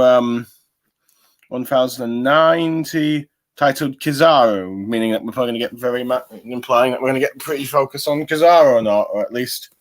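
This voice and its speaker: A man hosting a casual comic review, rambling and halting with many fillers. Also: medium pitch. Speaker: host.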